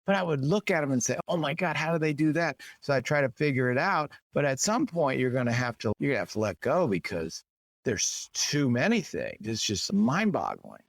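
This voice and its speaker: A man in his sixties, talking loosely and at length as a podcast guest. He rambles, restarts his thoughts and jumps into a higher, playful voice when he acts out what people say. The sound is dry and close, with no room around it. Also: very animated, moderate pace, no room sound. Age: 60s. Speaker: guest potter. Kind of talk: casual interview.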